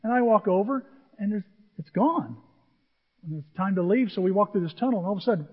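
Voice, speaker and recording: An older man preaching a sermon, telling stories with animated acted-out voices. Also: high voice, quick pace, husky. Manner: animated storytelling, acts out voices. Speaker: pastor. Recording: dull lo-fi audio with hall reverb.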